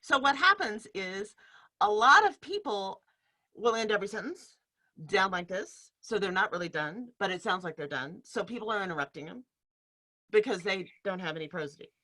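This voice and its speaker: A woman's voice: medium pitch, very animated, normal speed, pushed and bright. A woman teaching an online workshop over a video call, explaining with demonstrations and easy laughs. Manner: explanatory, demonstrates speech patterns, laughs easily. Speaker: workshop leader. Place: home room in front of a bed sheet.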